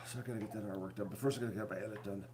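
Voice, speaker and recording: A man's voice: on the low side, steady tone, very fast, noisy background. A middle-aged man, chatting casually to viewers at home, rambling and repeating himself. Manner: addresses viewers as folks. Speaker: vlog host.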